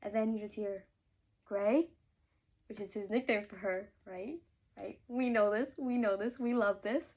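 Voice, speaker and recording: A woman's voice: medium pitch, a little slow, darkish tone. A woman chatting casually as she reads a novel aloud, gushing and full of fillers. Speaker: book reader reacting to a novel. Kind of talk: casual chat mixed with reading aloud.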